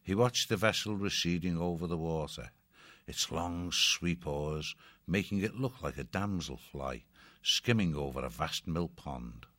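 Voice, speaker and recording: A man reading an adventure story aloud as an audiobook narrator, measured and expressive. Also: low voice, dry recording.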